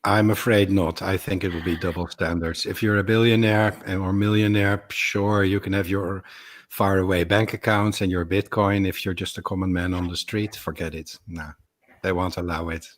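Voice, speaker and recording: A man's voice: low voice, flat delivery, moderate pace. A man on a discussion panel, giving blunt, short answers. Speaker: panel guest. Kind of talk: casual discussion.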